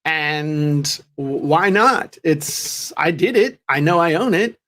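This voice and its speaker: Podcast guy chatting away, jokey about himself, kinda high voice. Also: animated, slow pace, fairly bright tone. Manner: joking, self-deprecating, chatty. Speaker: podcast co-host. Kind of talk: casual chat.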